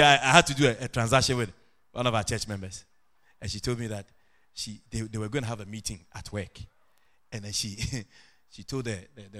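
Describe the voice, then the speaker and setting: A middle-aged man preaching a sermon as pastor, animated, with sudden shouted and sing-song rises. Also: medium pitch.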